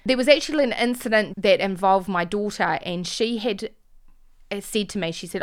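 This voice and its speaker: Smooth-voiced woman recounting events earnestly. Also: medium pitch, normal speed. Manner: earnest, emotional retelling, often dropping quiet. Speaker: mother recounting a protest. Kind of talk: personal eyewitness account.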